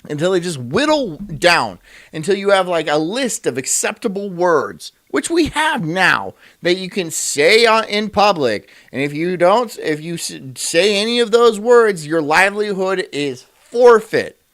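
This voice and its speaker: A brash male streamer rants in a casual, profane way, laughing between jabs. His pitch sits a bit high and swings widely as he gets worked up. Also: very animated, a little slow, fairly bright tone. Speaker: streamer reacting to clips. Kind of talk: casual livestream rant.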